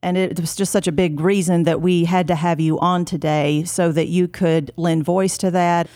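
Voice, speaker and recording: A woman's voice: lowish voice, steady tone, normal speed, warm tone, no room sound, clean studio sound. A woman from the southeastern US with a Southern accent, hosting a podcast interview in a gracious, effusive way. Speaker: podcast host.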